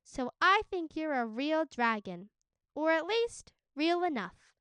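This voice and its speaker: A woman's voice: sits high, very animated, slow, a bit bright, dry recording, voice pushed up, full character voice. A woman voicing a kind, plucky young village girl in a storybook read-aloud. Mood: reassuring.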